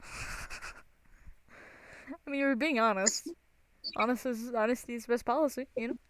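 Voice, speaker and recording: A woman's voice: fairly high pitch, steady tone, normal speed, slight background noise. A young woman streamer chatting casually, giggly and full of fillers.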